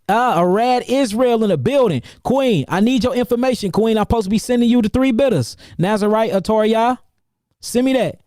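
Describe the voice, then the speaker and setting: Here a high-voiced herbalist from St. Louis, Missouri, USA, plugs his seminars to livestream viewers. He rattles off fast, repetitive shout-outs in loose slang, full of energetic hype. His voice sounds close and dry, with no trace of the room.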